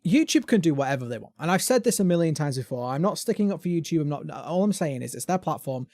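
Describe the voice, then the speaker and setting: A British man hosts a casual gaming podcast, ranting about platforms with lively, swooping intonation. His voice sits slightly high, and the recording is close and dry with no room sound. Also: quick pace, no room sound. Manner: animated ranting, mimics voices. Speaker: podcast host.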